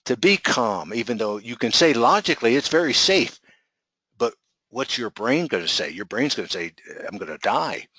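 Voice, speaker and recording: Bright-voiced male coach teaching a webinar. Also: medium pitch, normal speed, dry recording, rough recording. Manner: energetic, rhetorical questions to the audience.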